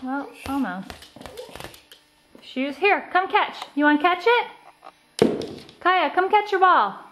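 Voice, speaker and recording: A woman's voice: very high-pitched, big pitch swings, slow, a bit bright, slight background noise. A woman talking to her toddler in a home video, with playful, sing-song, coaxing baby talk. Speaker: mother filming her toddler.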